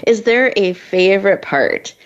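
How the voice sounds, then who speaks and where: A woman's voice: medium pitch, expressive, unhurried. Effusive female host, lo-fi call. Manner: effusive, upbeat introductions. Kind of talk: interview hosting. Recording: muffled, lo-fi sound.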